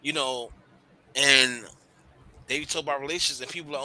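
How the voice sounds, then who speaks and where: Slight background noise sits under a young man hosting a laid-back podcast, where he speaks frankly about relationships at a moderate pace. His medium-pitched voice is very bright, his language slangy, profane and loose, and he gets worked up driving his points home.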